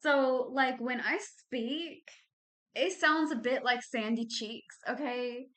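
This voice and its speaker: Bright-voiced Texan woman reading tarot. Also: high-pitched, takes it slowly. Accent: Southern US (Texas). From Texas. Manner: chatty and slangy, addresses viewers as babies and y'all. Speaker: tarot card reader. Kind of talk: casual monthly card reading.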